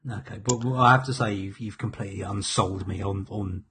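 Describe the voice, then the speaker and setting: A man chatting casually about films, with dry, relaxed responses. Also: lowish voice, brisk. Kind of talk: casual chat.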